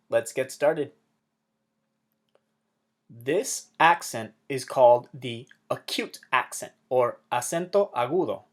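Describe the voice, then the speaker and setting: A man teaching an introductory Spanish lesson, explaining things plainly with an upbeat manner and small jokes. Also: medium pitch.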